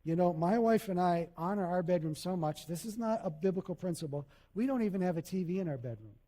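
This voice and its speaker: A male pastor preaching a sermon, animated, acting out little scenes and quotes as he goes. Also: high voice, quick pace, in a large hall.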